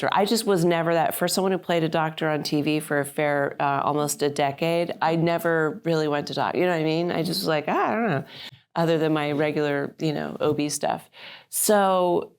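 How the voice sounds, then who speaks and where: A woman in her fifties, a guest on a live interview, telling her story in an animated way and acting out the people she quotes. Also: sits low, clean tone. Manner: frequent fillers and restarts. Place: live stage event.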